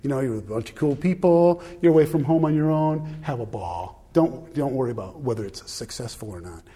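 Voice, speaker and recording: A man's voice: medium pitch, expressive, brisk, dark tone, slightly rough. A man telling a rambling, self-deprecating personal story in casual conversation, laughing often. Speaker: husband sharing a personal story.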